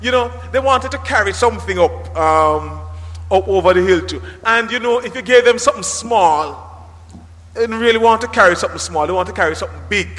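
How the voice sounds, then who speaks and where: A man preaching a sermon as pastor, animated, with dramatic emphasis and occasional shouts. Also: high-pitched, brisk. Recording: reverberant hall.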